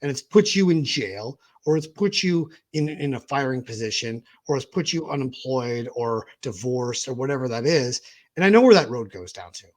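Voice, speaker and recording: A man guest and coach talking in an animated storytelling way, acting out quoted dialogue. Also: mid-range voice, normal speed. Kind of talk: conversational interview.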